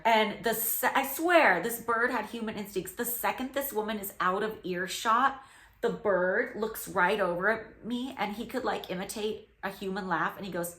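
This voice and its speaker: A woman's voice: mid-range voice, moderate pace, fairly bright tone. Chatty woman in a roomy space. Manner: chatty storytelling with frequent "like" fillers and laughter. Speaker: host reacting to episodes of a reality show. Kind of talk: casual reaction commentary. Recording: roomy echo.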